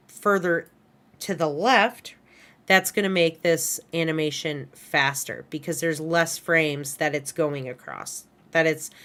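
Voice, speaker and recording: A woman with a low voice walks her students through an animation lesson while working at her computer. She talks casually, fills her sentences with "right?" and "kind of", and corrects herself mid-thought. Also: fairly bright tone. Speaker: animation instructor. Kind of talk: recorded class lecture. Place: screen-share lesson at a computer. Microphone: headset or desk mic she adjusts.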